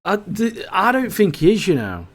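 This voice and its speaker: A man's voice: high voice, huge pitch swings, normal speed. A man co-hosting a podcast, chatting casually in a jokey, slangy way. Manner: chatty, jokey, slangy, says mate a lot. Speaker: podcast co-host. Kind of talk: casual chat.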